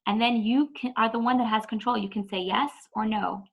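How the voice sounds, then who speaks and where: A woman with a slightly high, steady voice teaches an online parenting lesson at a somewhat quick pace, chatting freely, saying "like" often, and imitating whiny kids. The audio quality is poor.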